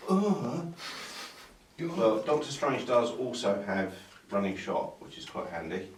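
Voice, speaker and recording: A man with a lowish voice chats loosely over a tabletop game, full of ums and self-mocking jokes. He sits away from the mic in a roomy space, with a faint hiss behind him. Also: expressive, normal speed. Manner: chatty, self-mocking, hesitant with many ums. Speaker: tabletop game player and host. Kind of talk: casual gameplay banter. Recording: roomy sound from a distant mic with some noise.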